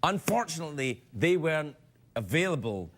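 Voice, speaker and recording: Lively joking talk show host. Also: male voice, a little high, moderate pace, background noise. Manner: joking, rambling, animated delivery. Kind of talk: comic monologue and reading viewer emails. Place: television studio with live audience. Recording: broadcast studio with loud audience laughter.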